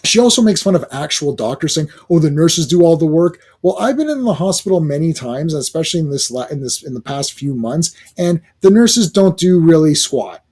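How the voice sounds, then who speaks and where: A man's voice: on the high side, big pitch swings, a little fast, few pauses, a little mellow, breathy edge. A man giving a casual, rambling review rant, exasperated, with many fillers and restarts. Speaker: video reviewer.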